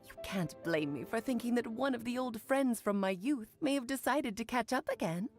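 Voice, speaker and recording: A grand, teasing witch mentor with a theatrical flair, played by a woman. Her voice swoops high and low with lively drama over faint game music. She sounds coy and commanding at once. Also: moderate pace, natural voice. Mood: storytelling. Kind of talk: game voice acting.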